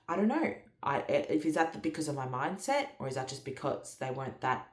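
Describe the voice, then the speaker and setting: A woman's voice: extremely low pitch, animated, a little fast, few pauses, roomy sound. A woman, telling a story in a chatty, casual way with lots of fillers. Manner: chatty, many fillers and quoted dialogue. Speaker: vlogger.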